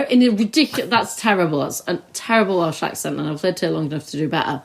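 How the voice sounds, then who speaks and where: A woman co-hosting a chat podcast, reviewing a TV episode and acting out scenes in quick put-on voices. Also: lowish voice, lively intonation, gravelly. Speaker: podcast co-host. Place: recorded together in the same room.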